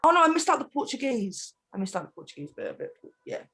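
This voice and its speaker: A middle-aged woman from Britain, chatting in a group and telling family stories in an animated way, laughing often. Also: high voice, fast, vocal fry. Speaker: panel host. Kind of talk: casual group chat.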